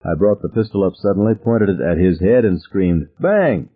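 A man narrating a novel in the first person, vivid and expressive. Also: deep voice, a little fast. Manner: vivid first-person storytelling, voices characters. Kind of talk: audiobook narration. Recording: narrow phone-like audio.

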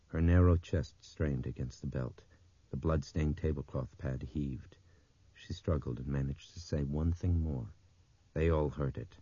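Very deep, husky male audiobook narrator. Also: normal speed, mellow, no echo, dull audio.

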